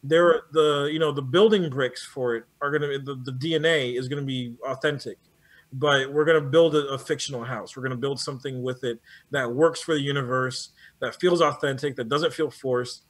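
A man talking in a casual conversation as an animation producer, animated and often restarting his sentences. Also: mid-range voice, normal speed. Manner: animated, many restarts and repeated words.

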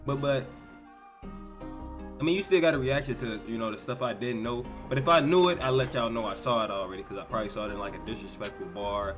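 Over background music, an American man hosts a casual reaction video, his medium-pitched voice brisk and full of disbelief. He keeps repeating words, stumbles now and then, and tacks "bro" onto a lot of what he says.

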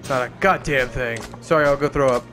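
A man's voice: medium pitch, brisk, sharp tone. A young man giving profane, jokey let's-play commentary while he plays. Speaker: gaming channel host. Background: game music.

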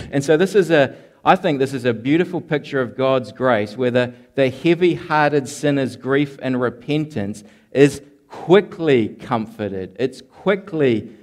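A man preaching an expository sermon, earnest and deliberate, slowing down to stress key lines and sometimes repeating words as he restarts a phrase. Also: medium pitch, lively intonation. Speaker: pastor.

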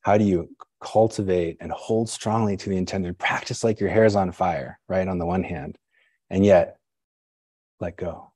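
A Zen teacher gives a dharma talk in a deep, low, husky and slightly breathy voice, steady, mellow and at normal speed. He muses conversationally, questioning himself and checking in with listeners, often saying "right?" and "you know." The sound is close and dry, with little room sound and no echo.

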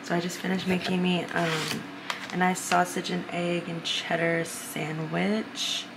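A woman's voice: on the low side, flat delivery, unhurried, vocal fry, background noise. A young woman vlogging casually to the camera, chatty and slangy, talking into a phone held at arm's length. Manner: chatty, slangy, says "bro" and "like". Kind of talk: casual vlog talk to camera. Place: out and about, stores and apartment.

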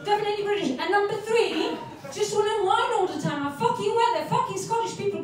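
A woman's voice: extremely high pitch, expressive, fast talker, hardly any pauses, a crowd in the background. A woman, doing a brash, profane, self-mocking stand-up comedy set on a club stage. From Poland. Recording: echoey club room, far from mic, audience laughter.

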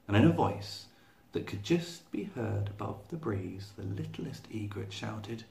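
A man reading a children's picture book aloud as a storyteller, slow and expressive. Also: lowish voice, vocal fry. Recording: echoey room.

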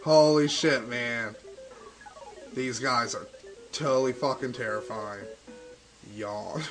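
A man's voice: medium pitch, slow, fairly bright tone, soft background music, rough recording. A young man giving rambling, profane commentary while playing an old video game, ranting and stoned. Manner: swears constantly, rambling and ranting. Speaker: gaming video host. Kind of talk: profane let's-play commentary.

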